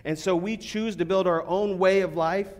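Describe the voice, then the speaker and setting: A man giving a sermon as a pastor, talking casually with fillers and restarts, then reading scripture more quietly. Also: high voice, fairly even intonation, normal speed. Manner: conversational preaching with fillers, reads scripture quietly.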